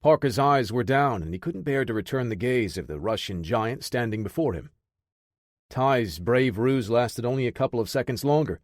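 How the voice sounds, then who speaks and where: A male narrator reading an action thriller audiobook with steady, measured pacing and a mid-range voice. The recording is dry and close, with no room sound. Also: medium pitch, no echo.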